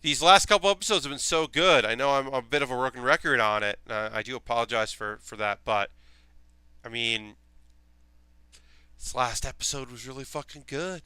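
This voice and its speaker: A man's voice: medium pitch, moderate pace, sharp tone, smooth, no room sound. A young man chatting casually on his live stream while building models, rambling enthusiastically with lots of fillers and casual swearing.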